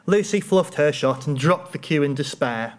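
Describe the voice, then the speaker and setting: Wry, deadpan male storyteller. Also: a little high, normal speed. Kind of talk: humorous personal storytelling.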